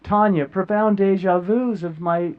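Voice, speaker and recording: A man's voice: high voice, fairly even intonation, unhurried, smooth. A middle-aged man earnestly sharing a personal story as a guest, often repeating words as he goes. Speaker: guest speaker. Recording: dull lo-fi audio.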